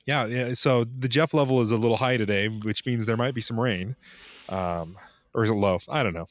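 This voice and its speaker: Chatty laughing podcast dad. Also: male voice, medium pitch, normal speed, no room sound, clean studio sound. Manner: rambling, chuckly, with many fillers. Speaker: podcast co-host. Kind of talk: casual chat.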